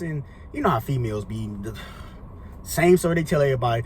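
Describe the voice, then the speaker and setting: A man's voice: high voice, quick pace. Rambling, profane young man telling a story. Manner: rambling and profane, heavy on slang fillers. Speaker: storyteller vlogger. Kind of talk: casual storytime monologue.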